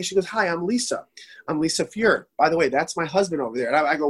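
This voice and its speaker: A man in his forties telling stories excitedly in a casual podcast chat, rambling with many restarts. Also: fairly high pitch, fast, husky. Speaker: podcast guest. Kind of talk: casual storytelling.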